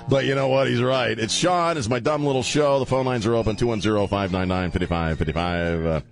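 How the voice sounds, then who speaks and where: A man from Louisiana hosting a talk radio show, ranting bluntly and rambling with animated swings. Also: medium pitch, normal speed, creaky, soft background music. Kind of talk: opinionated talk radio monologue. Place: radio studio.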